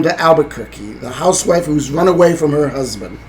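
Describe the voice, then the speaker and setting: Speaking a little fast with lively intonation, a man with a fairly high voice tells how a film ends. He's a podcast co-host, and his storytelling is rambling and hesitant, packed with fillers, captured on poor audio.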